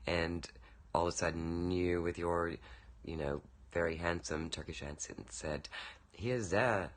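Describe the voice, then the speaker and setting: A man's voice: low voice, completely flat delivery, a little slow. A man recording a casual birthday video message for a friend, telling rambling anecdotes with lots of fillers into a webcam.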